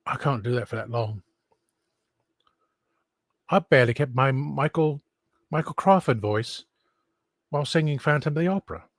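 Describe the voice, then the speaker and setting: A man's voice: mid-range voice, normal speed, pauses often, no echo. A man from the United States talking in a casual, rambling, self-deprecating way as a streamer, laughing between thoughts.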